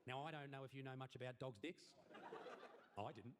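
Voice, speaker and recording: An Australian man doing a stand-up comedy set, brash and crude with punchy deadpan lines. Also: medium pitch, brisk, background noise.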